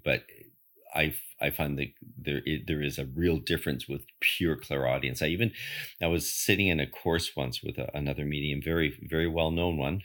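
A man's voice: very deep voice, fairly bright tone. An older man hosting a spiritual podcast, telling a personal story in an earnest, emphatic, reflective monologue. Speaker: podcast host and medium.

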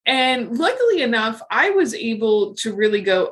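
A woman's voice: a little high, very animated, normal speed, hardly any pauses, fairly bright tone. A middle-aged woman talking frankly and casually as a podcast guest, with lots of fillers. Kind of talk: casual interview chat.

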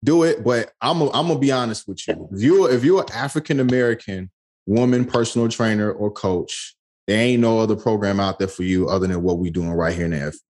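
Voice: medium pitch, fast, a little mellow. A host coach in a casual interview, affirming and encouraging in slangy talk.

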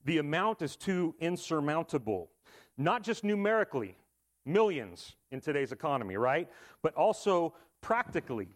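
A man's voice: on the high side, very animated, moderate pace. A man preaching a sermon in a casual, conversational way, with asides and rhetorical questions. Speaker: pastor.

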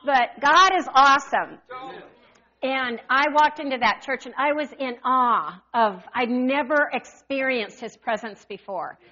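A woman in her sixties preaching a sermon, animated and calling out to the congregation for responses. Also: high-pitched, a little slow, few pauses, highs cut off.

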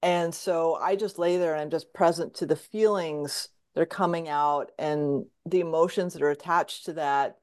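A woman's voice: sits low, steady tone, normal speed, few pauses, a little mellow. A woman hosting a podcast, listening closely and sharing her own healing experiences with eager enthusiasm. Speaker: podcast host. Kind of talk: casual podcast conversation.

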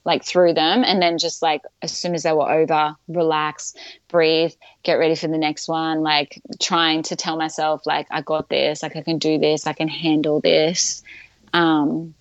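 A woman's voice: low-pitched, level tone, a little slow, no echo, highs cut off. A woman casually recounting a birth story, chatty with lots of fillers and frequent laughter. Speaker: guest.

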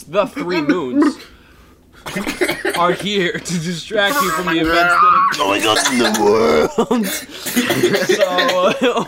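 A young man co-hosting a podcast, chatting casually and laughing often as he rambles through stories. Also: sits high. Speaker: podcast co-host. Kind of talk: casual chat.

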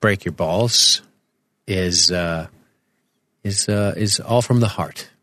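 A man's voice: low-pitched, takes it slowly, fairly bright tone. A man in his forties co-hosting a podcast, rambling and joking with casual swearing. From United States. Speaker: podcast co-host. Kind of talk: casual chat. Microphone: studio microphone.

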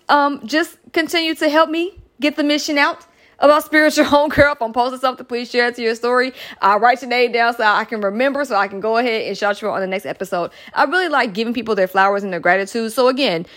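A woman's voice: a little high, a bit bright. Chatty woman podcast host. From Atlanta, Georgia. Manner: chatty, laughs often, playful asides. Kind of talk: casual podcast shoutouts.

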